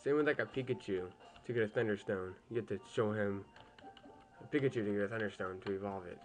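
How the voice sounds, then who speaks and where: A man's voice: lowish voice, quick pace, a little mellow, soft background music. Young man grumbling through gameplay commentary. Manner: chatty, easily annoyed, swears at the game.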